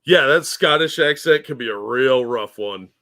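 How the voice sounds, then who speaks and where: A man's voice: medium pitch, moderate pace, pushed and bright. Easygoing man joking on a podcast. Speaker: podcast co-host. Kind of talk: casual podcast chat.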